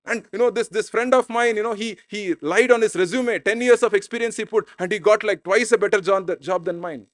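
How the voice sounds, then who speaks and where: A man's voice: sits high, brisk, hardly any pauses, no echo. A man preaching a sermon as pastor in an informal, conversational way. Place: church.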